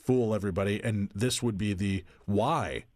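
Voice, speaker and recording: A man's voice: on the low side, moderate pace, darkish tone, no echo, clean studio sound. A man co-hosting a radio show, talking in a rambling, speculative and playful way. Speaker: radio co-host. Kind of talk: conversational radio talk.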